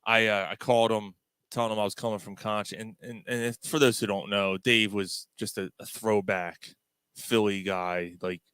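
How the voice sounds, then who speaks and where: A middle-aged man hosting a casual talk show, telling stories in an animated way, laughing often and swearing freely. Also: lowish voice, normal speed, clean tone, dry recording. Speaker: podcast host. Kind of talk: casual chat.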